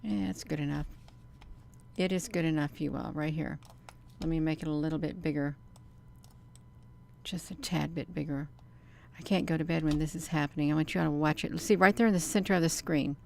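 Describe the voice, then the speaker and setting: A woman, talking excitedly to her viewers as she comments on a screen in a casual livestream. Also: sits low, fairly quick, vocal fry, slight background noise. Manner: excited, talks to viewers as "you all". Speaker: video creator.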